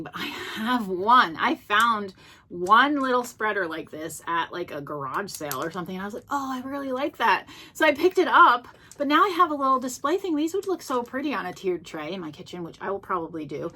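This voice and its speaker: A woman's voice: mid-range voice, bright, forceful tone, slight background noise. A woman casually showing off her thrift finds, chatty and gushing, with many ums and restarts. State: out of breath. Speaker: thrift vlogger. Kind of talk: casual show-and-tell chat. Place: home.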